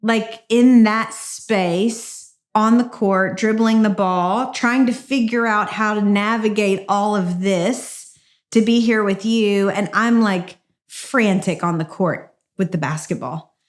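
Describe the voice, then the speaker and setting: A woman's voice: medium pitch, slow pace. A middle-aged woman hosting a devotional podcast, speaking in an earnest, encouraging and reflective way. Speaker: podcast host.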